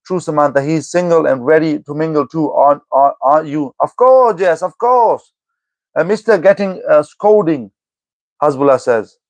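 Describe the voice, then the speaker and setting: A young man with a fairly high voice reads his live chat aloud and snaps back at the commenters. He sounds exasperated and scolding, and the sound is close and dry with no room around it. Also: normal speed, dry recording. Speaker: livestreamer answering chat. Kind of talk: live chat reading and replying.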